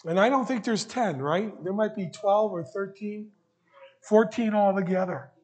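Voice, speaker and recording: A man's voice: high-pitched, a little slow, a little mellow. A man preaching a sermon to his church, earnest and openly emotional, building to emphatic rising questions. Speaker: pastor. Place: church sanctuary.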